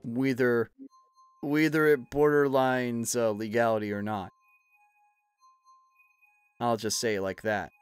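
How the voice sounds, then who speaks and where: A man's voice: medium pitch, steady tone, slow, pauses often, clean tone, faint music behind. A young adult man streaming, chatting casually while gaming, rambling with lots of fillers and swearing freely.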